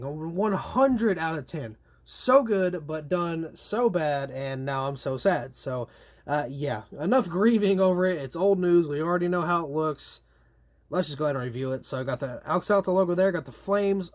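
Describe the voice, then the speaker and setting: A young man reviewing diecast race cars in a chatty, animated way, with slangy asides and drawn-out complaints. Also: a little high. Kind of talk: casual product review.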